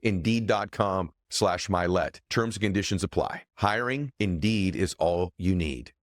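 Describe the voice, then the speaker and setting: A middle-aged man hosting a podcast, his low voice driving forward with emphatic, motivational energy. He reads sponsor spots and asks his guest questions. The sound is dry and close, with no room around it. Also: a little slow, no echo. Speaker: podcast host.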